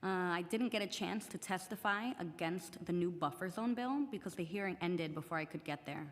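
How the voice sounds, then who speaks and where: A teen girl testifying as a student reads her prepared remarks earnestly in a council chamber, English not being her first language. Her voice is lowish and a little fast, carried by the long reverb of the large chamber.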